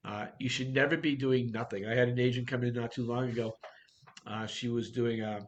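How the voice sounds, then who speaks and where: A man's voice: medium pitch, steady tone, fairly quick. A man coaching real estate agents in a workshop talk, blunt and direct, firing off rhetorical questions.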